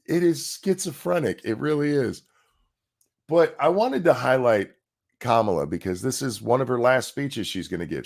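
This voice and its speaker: A man's voice: medium pitch, gravelly. A man hosting a profane, sarcastic political commentary rant over video clips. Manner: sarcastic, profane, mocking mimicry.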